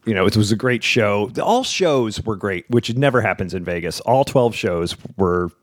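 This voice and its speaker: Animated male comedian, dry sound. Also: fairly low pitch, moderate pace, no room sound. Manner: animated storyteller, acts out voices in his anecdotes. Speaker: stand-up comedian. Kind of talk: casual chat, telling road stories.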